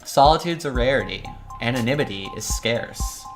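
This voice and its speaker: This woman has a bass voice with lively intonation and speaks at a moderate pace. Voicing a tired, cynical criminal defense lawyer from a visual novel, she gives a wry noir monologue in a brooding mood, with faint music underneath.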